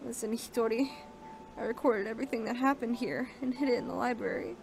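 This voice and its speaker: Woman reading as a quiet, hopeless young man. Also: fairly high pitch, steady tone, quick pace, noisy background, close to an everyday voice. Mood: sorrowful. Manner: quiet, resigned. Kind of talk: reading a visual novel aloud.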